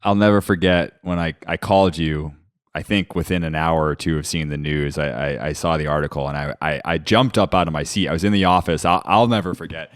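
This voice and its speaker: A man's voice: extremely low pitch, brisk, dry recording, clean studio sound. A man hosting a podcast interview, talking in a supportive, enthusiastic way. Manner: enthusiastic, supportive, animated when recalling. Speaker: podcast host.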